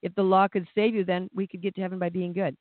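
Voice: medium pitch, little pitch movement, quick pace, no room sound. A preacher giving a conversational sermon, plain-spoken, with restarts and acted-out voices. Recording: tinny phone-like dry sound.

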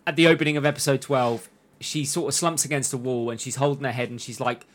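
A man's voice: mid-range voice, steady tone, quick pace. A man casually recapping an anime's plot in long runs, briefly acting out the characters' lines. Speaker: podcast host recapping an anime. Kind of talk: casual chat.

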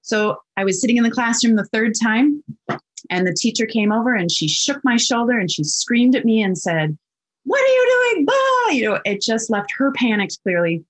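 Animated middle-aged woman telling her story. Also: medium pitch. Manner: animated storyteller who acts out quotes. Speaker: interview guest, intuitive. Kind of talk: personal storytelling in an interview.

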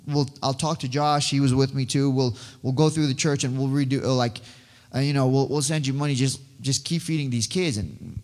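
A man giving a rambling, excitable personal testimony as a guest speaker, often stumbling and restarting his words. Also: medium pitch. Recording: long hall reverb.

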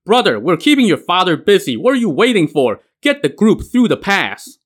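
A man's voice: mid-range voice, expressive, normal speed, a bit bright. A man voicing a loyal general who pleads and argues urgently, in a told story. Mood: pleading. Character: loyal, pleading male general, a sworn brother.

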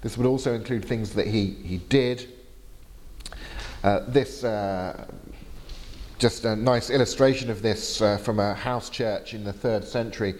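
A man's voice: fairly low pitch, steady tone, a little slow, a little mellow. A man giving a university lecture, explaining step by step with frequent hesitations. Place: lecture hall. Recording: long hall reverb.

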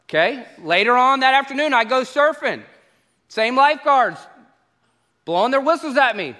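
Bright, high-voiced pastor. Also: male voice, brisk. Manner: animated storyteller, acts out exchanges. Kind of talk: sermon with humorous travel stories. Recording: echoey hall reverb.

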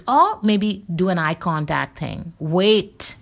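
A woman's voice: lowish voice, expressive, takes it slowly, gravelly. A woman hosting a podcast in a casual, rambling monologue, full of fillers and tangents. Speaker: podcast host.

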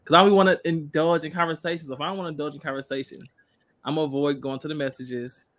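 A man's voice: a little high, steady tone, fast talker, a bit bright. A man in a casual group chat, laid-back and joking.

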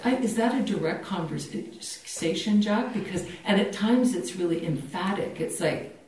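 A woman at a retreat, sharing haltingly with many restarts and quoting her own inner voice. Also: fairly low pitch, darkish tone. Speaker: retreat participant. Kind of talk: hesitant personal sharing. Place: meeting hall. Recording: echoey hall from far off, faint hiss.

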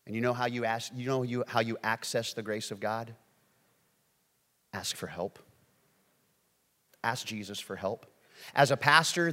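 A pastor preaching a sermon, moving between quiet, earnest lines and loud, excited acted-out quotes. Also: male voice, mid-range voice, long reverb tail. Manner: animated, swings from hushed to shouting, acts out quotes.

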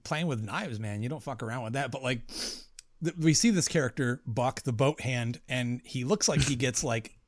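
A man co-hosts a loose movie chat, swearing freely and wandering through his thoughts. His voice sits at an ordinary pitch, caught on a dry close mic with no room sound. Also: moderate pace, dry recording. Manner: profane, rambling, animated. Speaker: podcast co-host. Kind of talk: casual film discussion.

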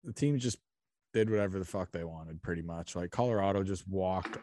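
A man's voice: low-pitched, brisk, warm tone, no echo, studio quality. A man hosting a hockey podcast, laid-back and casual, laughing often and swearing. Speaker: podcast host. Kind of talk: casual chat.

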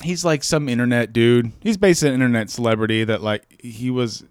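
A man's voice: mid-range voice, fast, clear, resonant tone, no room sound. A man co-hosting a comedy podcast, rambling and self-mocking in casual banter on a close mic.

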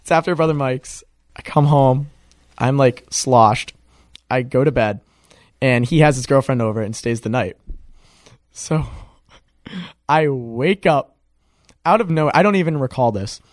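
A man's voice: mid-range voice, measured pace, pauses often, dry recording, clean studio sound. A young man in casual chat, telling stories with lots of laughter and casual swearing. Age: young adult. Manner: animated, laughing storyteller, swears freely.

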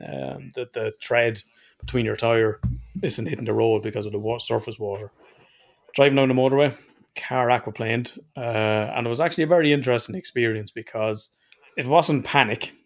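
A man's voice: medium pitch, fairly quick, gravelly. An Irish man telling rambling stories in casual podcast chat and swearing freely. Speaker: podcast co-host.

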